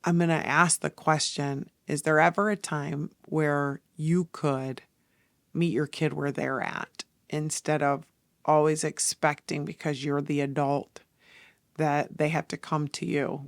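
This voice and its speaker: A woman's voice: sits low, level tone, a little slow, gravelly, no room sound, clean studio sound. A woman in her forties hosting a podcast, talking in an earnest, confessional way straight to her listeners. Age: 40s. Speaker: podcast host. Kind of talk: casual podcast monologue.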